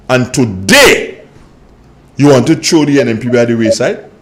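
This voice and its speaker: Emphatic Grenadian man, lively pitch. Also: normal speed, long pauses, a little hiss or hum. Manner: emphatic, scolding, repeats himself for emphasis. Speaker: radio show host. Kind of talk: political radio talk.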